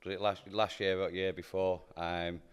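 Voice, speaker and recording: A man's voice: deep voice, little pitch movement, moderate pace, clean tone. A man telling a mischievous prank story in casual banter, swearing freely.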